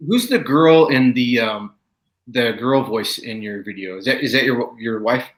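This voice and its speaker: A man co-hosting a casual livestream, asking halting questions full of fillers and cheerful swearing. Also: mid-range voice, a bit bright, reverberant.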